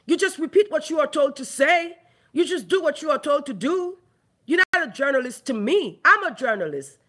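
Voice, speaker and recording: A woman's voice: high-pitched, lively intonation, normal speed, fairly bright tone. A Haitian woman ranting angrily into her own online video, heated, mocking and full of profanity. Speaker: online commentator. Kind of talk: angry ranting vlog.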